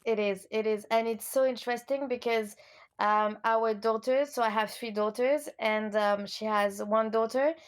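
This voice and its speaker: A woman in her thirties with a French accent, speaking as an interview guest, earnest and upbeat, with frequent pauses and fillers. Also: a little high, fairly even intonation. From France. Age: 30s. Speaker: guest, educational kinesiology coach. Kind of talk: casual interview conversation.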